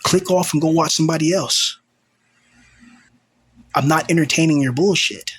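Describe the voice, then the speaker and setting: Husky man venting to camera. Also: on the high side, normal speed. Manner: raw, confrontational, repeats himself. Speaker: channel host. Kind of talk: candid venting monologue.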